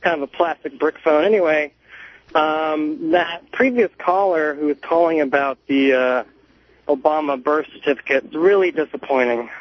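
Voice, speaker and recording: A man calling in to a radio show over a muffled phone, talking haltingly with many fillers. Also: fairly high pitch, dry recording. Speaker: caller. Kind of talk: call-in radio talk. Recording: muffled cheap phone line.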